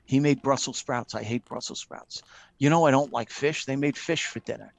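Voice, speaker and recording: A middle-aged man, a retired fire captain, telling lively stories with frequent ums and acting out the dialogue he quotes. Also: medium pitch, normal speed, creaky, no echo. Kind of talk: casual storytelling in a live video chat.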